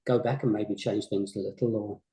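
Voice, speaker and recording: An older man, a former games company boss, recalling his career in a modest, halting way, often repeating words. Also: on the low side, steady tone, dark tone. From England. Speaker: former games company CEO, interview guest. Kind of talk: reflective interview chat. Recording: roomy echo.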